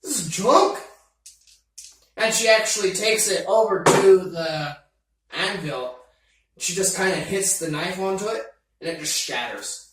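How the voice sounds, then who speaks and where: A man's voice: sits high, a little slow, fairly bright tone. A man narrating as game master of a tabletop game, rambling and laughing with lots of fillers. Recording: roomy, distant mic with faint noise.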